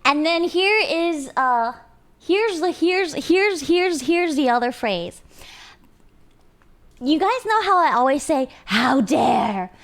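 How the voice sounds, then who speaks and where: A young adult woman streamer in casual chat with her viewers, animated and giggly. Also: very high-pitched, takes it slowly, pauses often. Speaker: live streamer.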